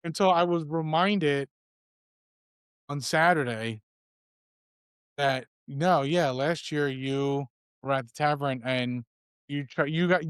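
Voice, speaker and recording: Smooth-voiced man in casual chat. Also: a little high, fairly bright tone, no echo, studio quality. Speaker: podcast co-host.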